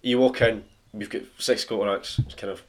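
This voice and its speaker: A man's voice: fairly low pitch, fairly even intonation, normal speed. A man co-hosting a podcast, ranting bluntly about gym annoyances in casual chat. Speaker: podcast co-host.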